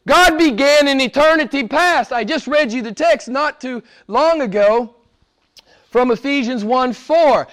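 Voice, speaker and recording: High-voiced pastor preaching a sermon. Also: male voice, a little slow. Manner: wide swings from loud emphatic preaching to soft low asides.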